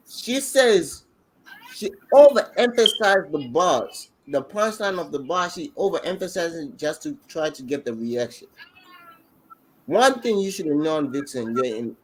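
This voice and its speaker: Excitable high-voiced man recapping battles. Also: measured pace, slight background noise, low-quality recording. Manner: excitable, slangy storytelling with many restarts. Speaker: podcast co-host. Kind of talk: casual chat recapping a battle rap event.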